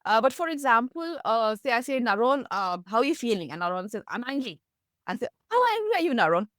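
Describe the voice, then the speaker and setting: A woman, a meditation teacher, explaining mindfulness through gentle stories in an interview. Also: brisk, no echo, studio quality. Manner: gentle storytelling, lively pitch, laughs softly.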